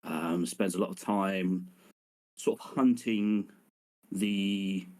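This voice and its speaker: A man playing a tabletop game, describing his character haltingly with lots of "sort of" and "um". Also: low-pitched, fairly even intonation, a little mellow. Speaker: player.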